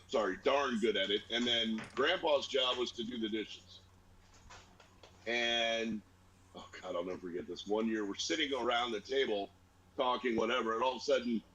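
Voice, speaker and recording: A man co-hosting a casual chat, telling family stories with lively put-on voices. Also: moderate pace, slight background noise, low-quality recording. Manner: animated storyteller, squeaky voice for grandma. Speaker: podcast co-host.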